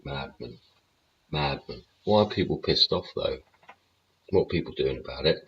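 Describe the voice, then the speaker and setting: A man's voice: very deep voice, lively intonation, moderate pace, fairly bright tone, slight background noise. A man hosting a show, ranting bluntly and sarcastically with heavy swearing. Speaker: show host. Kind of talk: ranting livestream commentary. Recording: dull lo-fi audio.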